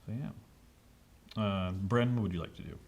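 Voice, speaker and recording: A man's voice: low-pitched, moderate pace, a little mellow, a little hiss or hum. A man narrating as game master in a casual, rambling way with many fillers.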